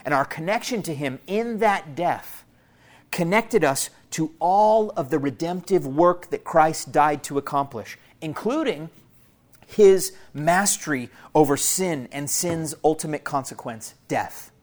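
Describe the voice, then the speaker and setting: A man's voice: a little high, expressive, unhurried. A man preaching a sermon to his church in an earnest, teaching manner, repeating key phrases for emphasis and speaking to listeners as family. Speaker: pastor.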